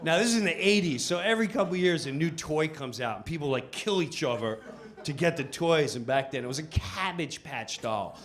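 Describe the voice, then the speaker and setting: A middle-aged man doing animated stand-up storytelling. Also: a little high, brisk. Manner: animated, breaks into character voices. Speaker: stand-up comedian.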